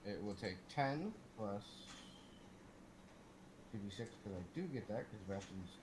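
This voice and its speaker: A man's voice: on the low side, animated, unhurried. A man playing a tabletop game, thinking aloud and restarting his sentences. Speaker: player. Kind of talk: casual tabletop play. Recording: clear background hiss.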